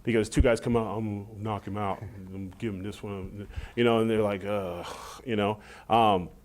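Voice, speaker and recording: Man, low voice, middle-aged, interview guest, animated storyteller, acts out quotes. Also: fairly quick. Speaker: interview guest, former wrestler. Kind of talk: casual shoot interview.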